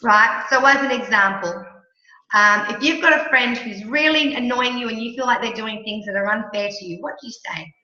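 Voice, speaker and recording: A middle-aged Australian woman coaching with emphatic, animated talk, often checking in with her listener. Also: a little high, normal speed. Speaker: mentor and coach. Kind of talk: motivational coaching chat. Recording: echoey room, dull lo-fi sound.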